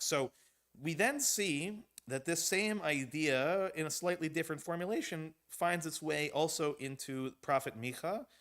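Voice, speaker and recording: A man's voice: medium pitch, fairly bright tone. A man leading a text study as rabbi in a synagogue, talking conversationally and often checking in with "right?". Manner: conversational, checks in with frequent tag questions. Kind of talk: teaching a text study session. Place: synagogue sanctuary.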